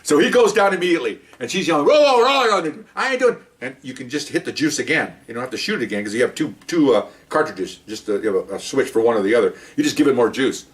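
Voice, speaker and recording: An older man in his sixties spins a story at a rapid clip, acting out sounds and voices as he goes. He leans on "okay" and "you know" between beats. His voice sits a little back from the microphone. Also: mid-range voice, lively intonation. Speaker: retired police officer. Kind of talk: casual storytelling. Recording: voice a bit far from the mic.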